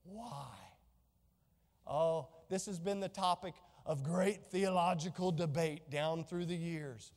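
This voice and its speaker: A woman's voice: fairly low pitch, slow, darkish tone, long reverb tail. A woman preaching a sermon with fervor, piling up rhetorical questions. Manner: fervent, stacked rhetorical questions.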